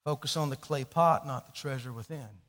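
A man preaching a sermon, telling a story and swinging from hushed, low passages to loud, emphatic questions. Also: moderate pace. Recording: long hall reverb.

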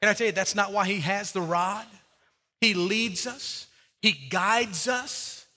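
A man preaching a sermon as pastor, repeating his key phrases and swinging between loud urging and quiet appeals. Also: high-pitched, takes it slowly, long reverb tail. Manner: preaching with rising and falling intensity, repeating phrases. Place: church sanctuary.

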